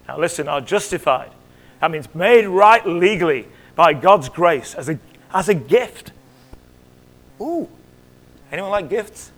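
A middle-aged male pastor preaching in church, swinging between loud exclamations and hushed whispers and asking the congregation questions. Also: a little high, animated, measured pace, pauses often. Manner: conversational, asks the congregation questions. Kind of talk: sermon.

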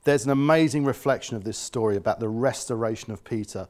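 A male pastor giving an earnest sermon, dropping to quiet tones and rising loud, often acting out the voices he quotes. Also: mid-range voice, fast talker.

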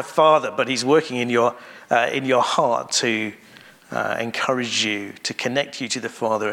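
A man preaching a sermon in a measured way, pausing often and restarting phrases. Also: medium pitch, gravelly, pushed and bright.

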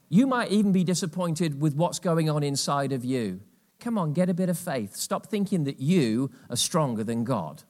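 A male pastor preaching a live church sermon, swinging between loud, emphatic exhortation and hushed, quiet asides. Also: fairly high pitch, expressive, moderate pace.

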